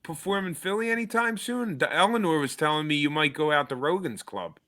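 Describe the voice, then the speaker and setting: A man's voice: a little high, a little fast, sharp tone. A man co-hosting a podcast, asking questions and teasing in casual chat. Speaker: podcast co-host.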